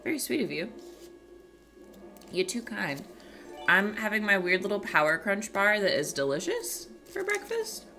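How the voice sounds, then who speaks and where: A young woman hosting a livestream, chatting casually with viewers in a soft, quiet morning voice into a small desk microphone. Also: medium pitch, big pitch swings, moderate pace, pauses often, soft background music. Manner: soft-spoken, chatty, reading out chat messages. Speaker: livestream host. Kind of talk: casual chat with stream viewers.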